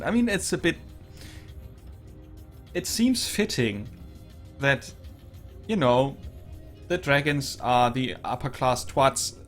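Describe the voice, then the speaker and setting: A man streaming a video game and chatting about it in an amused, laughing way. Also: medium pitch. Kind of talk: casual gameplay commentary.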